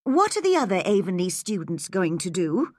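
A woman's voice: medium pitch, sing-song, moderate pace, a little mellow, no room sound, clean studio sound. A woman reading a storybook, voicing a tired, worried older farm woman in a subdued way. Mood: reflective.

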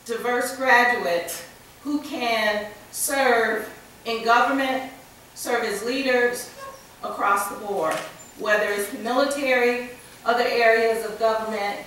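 An American woman giving a conference keynote, slightly under the weather with a cold, speaking in a deliberate, measured way with touches of dry humor. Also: fairly high pitch, fairly bright tone. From United States. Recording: echoey hall from far off, faint noise.

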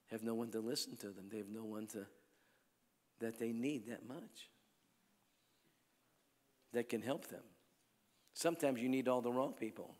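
Evangelist guy preaching, loud then hushed, big echoey hall. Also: mid-range voice. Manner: storytelling, swings from loud calls to hushed lines. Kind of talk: healing crusade sermon. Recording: long hall reverb.

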